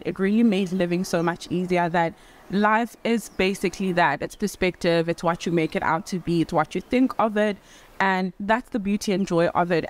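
A young woman talking casually to camera in a vlog, theatrical and animated, talking with her hands and dotting her speech with "like". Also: medium pitch. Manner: chatty, full of "like" fillers. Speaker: vlogger. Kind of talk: casual reflective vlog talk.

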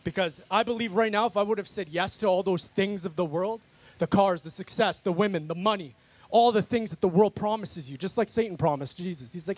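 A man's voice: high voice, a little fast, no echo. A man giving a fervent, emphatic preaching testimony to a worship crowd, often calling them "guys". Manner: emphatic, repetitive, keeps addressing the crowd as "guys". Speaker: guest speaker giving testimony. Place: outdoor worship gathering in a park.

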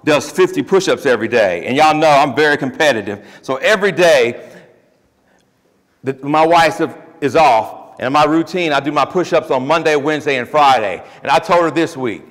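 A man preaching a sermon as pastor, emphatic and lively with joking asides, then leading a closing prayer. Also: a little high, moderate pace. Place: church sanctuary. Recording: long reverb of a church hall.

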